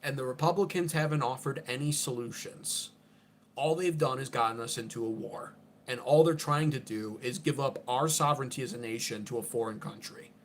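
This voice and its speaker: A man's voice: medium pitch, fairly quick, slight background noise. A man under forty, hosting an unscripted political livestream in an abrasive, profane, ranting way.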